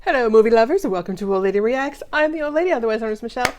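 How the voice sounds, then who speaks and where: Middle-aged woman, movie reaction host, casual chatty commentary, lively rising and falling pitch, frequent laughs. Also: racing, slight background noise.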